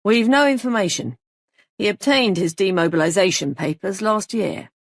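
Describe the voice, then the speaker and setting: A woman voicing a calm male police sergeant who speaks quietly and evenly. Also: mid-range voice, no room sound, clean studio sound, natural voice. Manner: quiet, measured, smooth.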